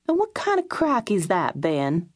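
A woman narrator voicing a proud, quick-tempered woman detective who answers sharply and indignantly. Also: medium pitch, big pitch swings, a little mellow, no echo, studio quality, voice pushed up.

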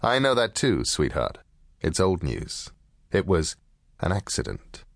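A man reading an audiobook and voicing a world-weary, wisecracking male private eye in clipped, gruff tough-guy talk. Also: deep voice, very animated, a little slow, dry recording, clean studio sound, heavily acted. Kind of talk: audiobook character voice.

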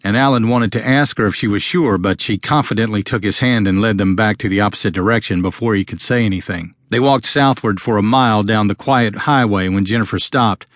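A man narrating a novel as an audiobook, reading steadily and in a measured way. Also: on the low side, no echo, clean studio sound. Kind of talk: scripted narration.

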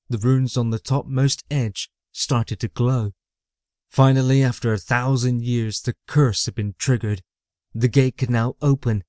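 A man reading a fantasy novel aloud as the audiobook narrator, in a measured storytelling way. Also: medium pitch, a little mellow, dry recording. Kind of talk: scripted narration. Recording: dry close mic.

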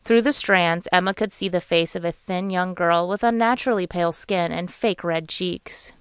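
A woman narrating a romance audiobook in a measured, even storytelling manner on a close studio mic. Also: lowish voice, smooth, dry recording. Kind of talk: scripted narration.

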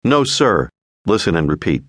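A man narrating a scripted audio language lesson, giving prompts in a clear, measured way. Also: low-pitched, big pitch swings, dry recording, clean studio sound. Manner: clear, measured instructional delivery.

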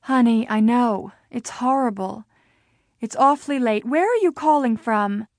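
A woman reading an audiobook voices a mother who is a therapist, speaking in a measured, soothing professional manner. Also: on the high side, lively intonation, no room sound, studio quality.

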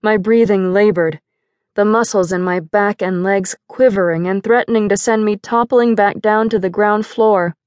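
A woman narrates a first-person novel in a measured, dramatic voice of middle pitch. She is close on a studio mic, and the sound is dry with no room echo. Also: fairly even intonation, a little mellow. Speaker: audiobook narrator.

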